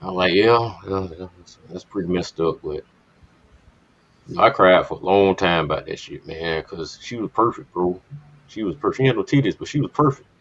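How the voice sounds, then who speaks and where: A man's voice: deep voice, normal speed, husky. A man casually telling a candid personal story on a podcast, speaking bluntly with plenty of profanity. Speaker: podcast co-host. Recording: dull lo-fi podcast audio.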